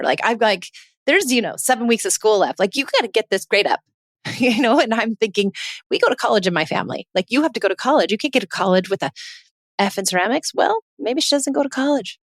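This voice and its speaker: Earnest mom podcaster, dry sound. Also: female voice, fairly high pitch, expressive, fast talker, no room sound. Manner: earnest, emphatic, repeats points. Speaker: parenting podcast host. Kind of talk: casual podcast monologue.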